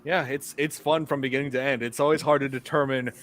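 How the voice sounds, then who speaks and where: A man's voice: mid-range voice, fairly even intonation, fast, fairly bright tone, slight background noise. Rambling male podcast host. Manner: rambling, enthusiastic film fan. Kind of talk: casual chat.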